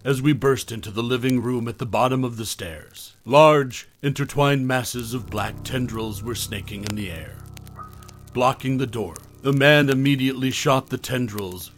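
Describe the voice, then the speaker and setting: A man narrating a first-person horror story in a plain, steady storytelling voice, reading the dialogue as he goes. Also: mid-range voice.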